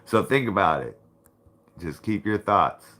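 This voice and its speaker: Deep-voiced man in profane casual chat. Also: animated, unhurried, fairly bright tone. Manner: blunt and profane, laughs often. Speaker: livestream host.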